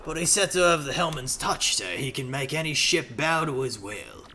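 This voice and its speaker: A man voicing a rough-talking old male sailor in a video game with a folksy, plain-spoken manner. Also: mid-range voice, very animated, moderate pace, bright, forceful tone. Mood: eager.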